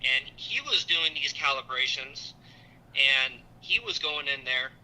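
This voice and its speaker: A middle-aged man on a casual call-in chat as a guest, rambling and halting with restarts. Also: mid-range voice, sharp tone, poor audio.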